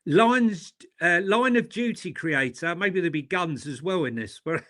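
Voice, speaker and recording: A man hosts a football talk show, reading out news stories and then adding his own quips. His voice is high for a man, with a bright, forceful tone. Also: lively intonation, unhurried. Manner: reads out news items, then jokes and laughs. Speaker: host. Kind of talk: casual chat.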